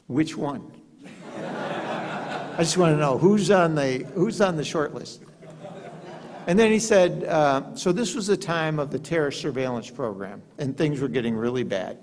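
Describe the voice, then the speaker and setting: A man's voice: on the high side, measured pace, pauses often, a little mellow. An older man giving a keynote speech at a gala in a hotel ballroom, telling anecdotes with self-deprecating humor. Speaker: keynote speaker. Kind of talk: after-dinner speech with anecdotes. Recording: echoey hall.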